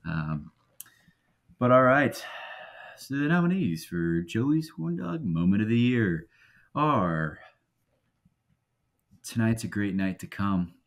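Laid-back joking podcast guy, lowish voice. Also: sing-song, slow, pauses often. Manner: loose and joking, acts out quotes in exaggerated voices. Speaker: podcast co-host. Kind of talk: casual comedic chat.

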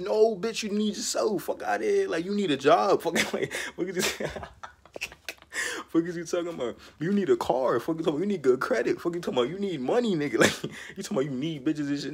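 A young man ranting casually to camera as a vlogger, profane and animated in heavy street slang, laughing as he goes. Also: on the high side, fast talker, gravelly, slightly rough. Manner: laughs often mid-rant.

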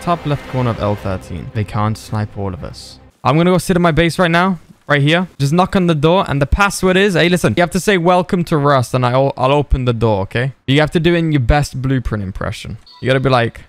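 A man's voice: mid-range voice, expressive, quick pace, hardly any pauses, soft background music. A man streaming a survival game, chatting casually and taunting other players with crude jokes. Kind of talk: casual gameplay chat.

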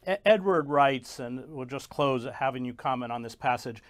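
A man hosting an interview, speaking in a measured, deliberate way with filler pauses. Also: mid-range voice. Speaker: interview host. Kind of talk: interview, reading a passage aloud.

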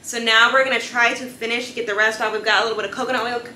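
A young woman vlogging at home in casual chat, chatty and softly coaxing her dog. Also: a little high, steady tone, racing, slight background noise. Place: home room. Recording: echoey room.

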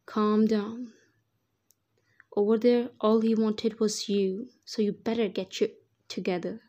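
Cold crime boss, clipped commands, flat delivery, read by a woman. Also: mid-range voice, slow pace, lo-fi sound, lightly acted. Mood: curt. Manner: curt commands.

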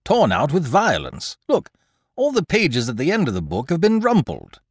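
A man voicing a calm, observant male scholar who explains details carefully in an audiobook. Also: a little high, normal speed, husky, no room sound, studio quality, pitched above the performer's own voice, exaggerated voice. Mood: explaining.

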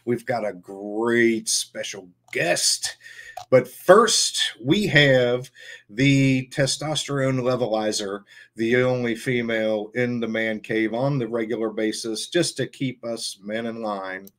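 A man's voice: medium pitch, takes it slowly, fairly bright tone. A man in his fifties hosting a casual podcast with jokey, hype-man greetings. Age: 50s. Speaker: podcast host. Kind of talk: casual chat.

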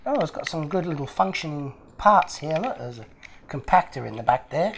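A man's voice: fairly high pitch, lively intonation, normal speed, creaky, fairly bright tone, a little hiss or hum. An Australian man chatting casually while unboxing toy models as host of his channel, rambling and joking at his own expense. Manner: chatty, rambling, self-mocking jokes. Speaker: model car restorer and YouTuber.

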